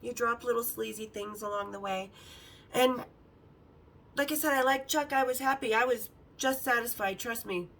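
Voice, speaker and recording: A woman hosting a podcast, telling candid, bawdy stories in a lively, casual way and acting out the other people in them. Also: on the high side, moderate pace, a little hiss or hum, poor audio. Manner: lively, acts out the others' lines in her story. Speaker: podcast host. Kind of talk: casual storytelling.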